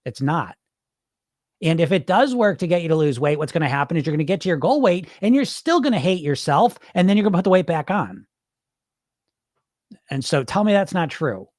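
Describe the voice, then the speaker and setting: A man's voice: a little high, sing-song, a little fast, a little mellow, no room sound, studio quality. A man coaching on weight loss in a livestream, answering chat in a blunt, profane, fired-up way.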